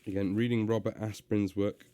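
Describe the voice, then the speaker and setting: A man reading a story aloud and chatting on a live stream, relaxed with many hesitations. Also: lowish voice, moderate pace, no room sound.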